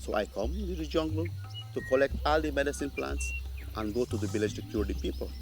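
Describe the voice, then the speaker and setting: A man telling of a gentle old bush doctor. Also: medium pitch, a little fast, over music, close to an everyday voice. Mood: patient, gentle. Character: kindly old male bush doctor, patient teacher.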